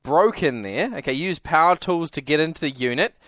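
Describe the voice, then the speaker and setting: A woman's voice: low voice, lively intonation, fairly bright tone, no room sound, clean studio sound. A woman co-hosting a radio show, playful and jokey, telling odd news stories. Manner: playful storyteller, jokey, quick reactions. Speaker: radio co-host. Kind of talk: casual chat.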